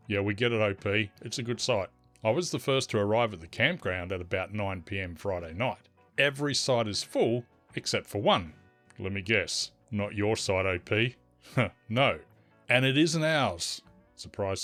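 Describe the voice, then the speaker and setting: A man's voice: lowish voice, a bit bright. A man reading out an online forum story in scripted narration, with wry, teasing asides. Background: faint music.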